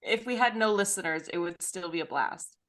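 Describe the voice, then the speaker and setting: A woman's voice: on the low side, a little fast, a bit bright. A woman co-hosting a podcast in casual chat, chatty and self-deprecating, laughing often. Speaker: podcast co-host.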